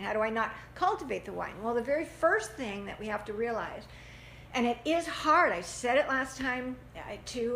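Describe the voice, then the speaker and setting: A parenting teacher gives an animated talk to a class, laughing often and acting out the people she quotes in different voices. Her voice sits a little higher than most women's, and the echoey room has a faint hum of ambience.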